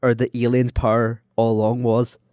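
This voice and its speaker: An Irish man riffs through a made-up story on a podcast, mid-pitched and animated. He swears freely, laughs often and jumps into silly voices for the characters. The sound is dry and close. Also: normal speed, no echo. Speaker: podcast co-host. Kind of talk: casual chat, improvised storytelling.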